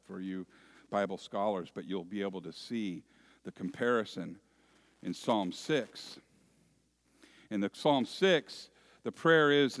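A man preaching a sermon as pastor, deliberate and asking his congregation rhetorical questions. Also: on the low side.

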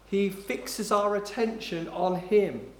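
In a church hall with a roomy echo, a high-voiced male preacher delivers an emphatic sermon. He slows down to draw out key phrases and drops low and quiet whenever he quotes something.

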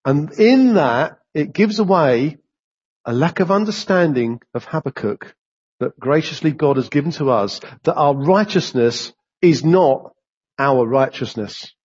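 Male preacher delivering a sermon: husky, high-pitched, dull lo-fi recording. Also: a little slow. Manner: animated, rising sharply when voicing complaints to God.

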